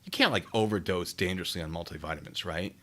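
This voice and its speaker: While putting together care kits, a man makes casual live-stream chat with his viewers, cracking jokes and poking fun at himself. He speaks fast in a low-pitched voice with a fairly bright tone.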